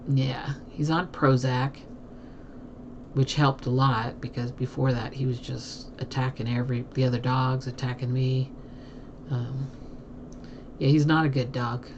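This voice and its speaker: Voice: mid-range voice, darkish tone, dull audio, a little hiss or hum. Chatty streamer who laughs a lot. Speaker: live streamer. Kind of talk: casual chat with viewers. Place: at a home desk.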